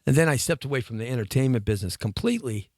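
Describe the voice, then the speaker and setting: A man in his fifties telling a long personal story on a talk show, lively and chatty, laughing between lines and often restarting his sentences. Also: medium pitch, very fast, dry recording, studio quality. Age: 50s.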